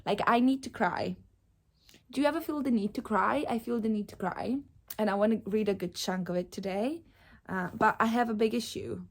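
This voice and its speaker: A young woman in her twenties chatting casually at home in a reading vlog, bubbly and animated. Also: mid-range voice, normal speed. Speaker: book vlogger. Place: home, indoors.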